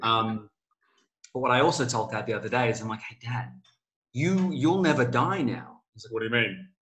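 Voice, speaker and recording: A middle-aged man, an author talking as a guest in a casual interview, telling stories and acting out quotes with sudden jumps in pitch. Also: moderate pace, rough recording. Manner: animated storyteller, acts out quoted lines with big pitch jumps.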